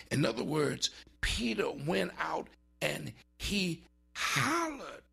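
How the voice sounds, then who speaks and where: A man preaching a sermon in a dramatic style, with big swings in pitch and drawn-out words for emphasis. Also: gravelly, sharp tone, slightly rough.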